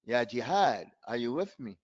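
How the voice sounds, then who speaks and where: A man teaching Quran recitation in a live online class, calling on students by name, acting out their mistakes and reciting verses slowly. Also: medium pitch, big pitch swings, muffled recording. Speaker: tajweed teacher.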